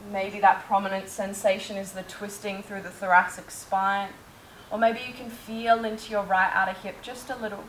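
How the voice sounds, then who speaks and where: Yoga teacher woman, calm breath cues, roomy echo. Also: mid-range voice, moderate pace, recorded from a distance, a little hiss or hum. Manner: calm, cueing breath and movement step by step. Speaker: yoga instructor. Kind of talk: guided yoga class instruction. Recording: echoey room, faint ambience.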